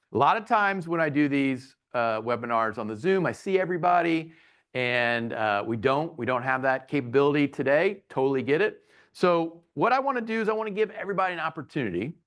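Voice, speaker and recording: A middle-aged man giving a playful webinar talk as a humorist, bursting now and then into loud comic characters. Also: medium pitch. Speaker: keynote speaker and humorist. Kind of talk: lively webinar presentation.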